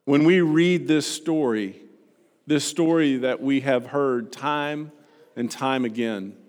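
A man preaching a sermon, telling a personal story with animated delivery that drops soft and slow on key points. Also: mid-range voice, big-room sound. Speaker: pastor.

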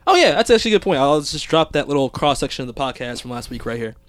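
A man's voice: a little high, very animated, rapid-fire, a bit bright, dry recording. A man hosting a podcast, chatting casually, reading listener reviews aloud and laughing often. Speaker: podcast host.

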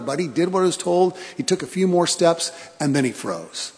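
Male pastor, sermon storyteller, slightly high voice with vocal fry, reverberant sanctuary. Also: lively intonation, darkish tone. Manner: storytelling, with pauses for emphasis and repeated phrases. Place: church sanctuary. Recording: long church reverb.

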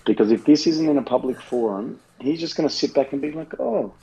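A man's voice: mid-range voice, fast, mellow, highs cut off. An Australian man co-hosting a podcast in casual banter, rambling and swearing freely. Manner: rambling, swears freely, often says the co-host's name. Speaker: podcast co-host.

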